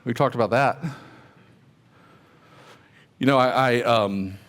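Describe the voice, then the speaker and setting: A middle-aged man addresses a room of real estate agents, speaking slowly in a mid-range, fairly bright voice. He shares personal stories in a conversational, motivational style and asks the audience questions.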